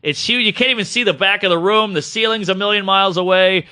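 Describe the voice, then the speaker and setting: A man co-hosting a podcast, telling a long story in an animated, casual way and acting out other people's voices. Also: high voice, fast, clear, resonant tone, no echo, clean studio sound. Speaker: podcast co-host, comedian.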